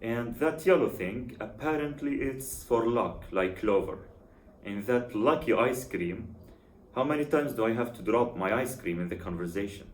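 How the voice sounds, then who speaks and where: A man's voice: mid-range voice, lively intonation, moderate pace, slight background noise. A man giving scripted voice-over commentary in a wry, sarcastic manner. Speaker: YouTube commentator. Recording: echoey room.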